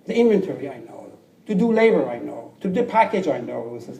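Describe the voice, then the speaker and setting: Un hombre con acento extranjero cuenta su historia en una sala amplia. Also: male voice, mid-range voice, normal speed, gravelly. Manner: animated, acts out quoted people, drops to near whispers. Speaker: speaker telling his life story. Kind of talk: storytelling talk to an audience. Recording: roomy, distant mic with faint background noise.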